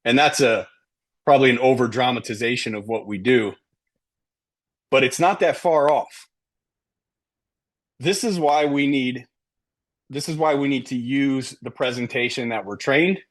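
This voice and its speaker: A man's voice: medium pitch, a little slow, long pauses. A middle-aged man coaching a sales team, talking emphatically and often checking in with "right?". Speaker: sales trainer. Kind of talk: sales training talk to a team.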